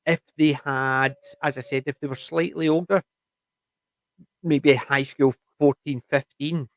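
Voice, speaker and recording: Gravelly man in casual chat. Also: on the high side, measured pace, no room sound. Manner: rambling, animated retelling with many restarts. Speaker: TV review podcast co-host.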